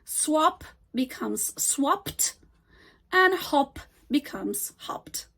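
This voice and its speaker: A woman teaching an English grammar lesson, slowly and deliberately modeling example words. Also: sits high, expressive, fairly bright tone.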